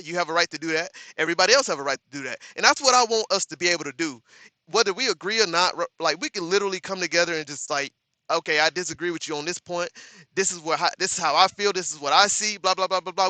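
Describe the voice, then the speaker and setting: A man hosting a live stream talks straight to his chat and reads their comments aloud. His voice is bright and a little high, and he repeats lines like a refrain. The sound is dry and close. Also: dry recording. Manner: talks straight to chat, repeats "understand that", gets loud and firm.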